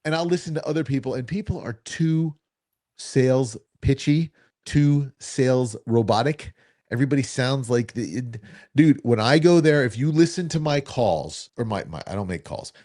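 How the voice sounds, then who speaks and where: Man, casual chat, animated storytelling, acts out dialogue. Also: medium pitch, moderate pace. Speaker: co-host.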